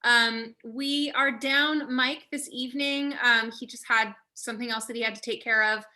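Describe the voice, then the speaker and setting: A woman's voice: fairly high pitch, steady tone, moderate pace, sharp tone. A young woman casually hosting an online wine tasting over a video call, chatty and upbeat with lots of fillers.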